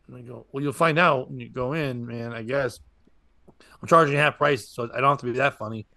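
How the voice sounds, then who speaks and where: A man's voice: medium pitch, brisk, vocal fry, pushed and bright, no room sound, studio quality. A man, a comedian and podcast host, tells a rambling stand-up story and acts out other people's lines as he goes.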